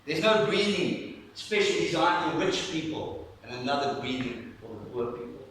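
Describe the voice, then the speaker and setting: A man's voice: a little high, moderate pace. Guy preaching a sermon, big echo, sounds a bit far off the mic, faint room hum. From South Africa. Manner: lively preaching, leads congregation in breathing exercises. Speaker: pastor. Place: church hall. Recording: echoey church hall, mic at a distance.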